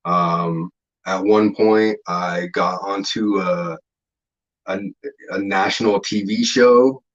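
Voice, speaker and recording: A man's voice: low-pitched, steady tone, slow, dull audio. Laid-back, profane man telling stories. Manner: laid-back, profane, rambling with many fillers. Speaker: interview guest. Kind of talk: casual storytelling interview.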